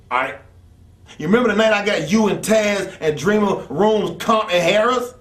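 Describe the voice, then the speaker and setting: A man telling stories in a blunt, profane rant as an interview guest, acting out the people he quotes. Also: high voice. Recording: echoey room, distant from mic.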